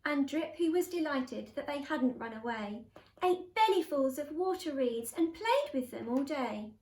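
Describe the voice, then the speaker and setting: A woman teacher reading a picture book aloud in an expressive, sing-song way. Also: sits high, measured pace. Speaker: primary school teacher. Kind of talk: storybook read-aloud. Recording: echoey room.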